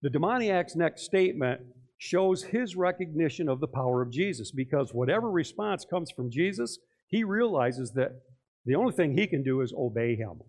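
Man, pastor, sermon, conversational, asks many questions, fairly high voice. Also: big pitch swings, moderate pace, darkish tone. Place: church.

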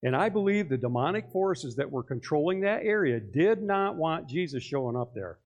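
Older guy pastor preaching, super animated, does voices, keeps asking the crowd questions. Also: fairly high pitch, moderate pace, muffled recording. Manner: animated, acts out voices and asks the congregation questions. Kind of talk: sermon.

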